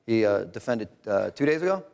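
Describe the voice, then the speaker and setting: A middle-aged man from Rochester, New York, presents research at a conference in a joking, animated, conversational lecturing style. His voice is fairly low, fairly quick, and smooth with some vocal fry. The hall adds noticeable reverb.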